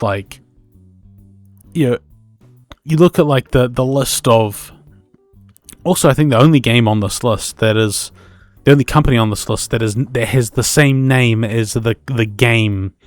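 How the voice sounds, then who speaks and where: A man's voice: mid-range voice, a little slow, long pauses, no room sound, faint music behind. A man in his twenties with a New Zealand accent, hosting a solo podcast in a rambling, self-correcting way and swearing casually. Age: 20s. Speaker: podcast host.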